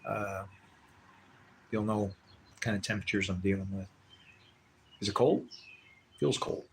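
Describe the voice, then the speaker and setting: Gravelly man rambling on a live stream. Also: lowish voice, fairly even intonation, a little slow, a little hiss or hum. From United States. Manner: rambling, profane, laughs between thoughts. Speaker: livestream host.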